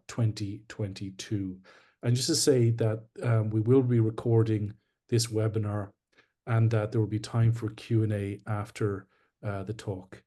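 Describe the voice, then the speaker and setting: A man hosting a webinar, introducing the guest in a measured, formal way. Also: lowish voice, warm tone. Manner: measured, formal, with light fillers. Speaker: webinar host. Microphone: video call.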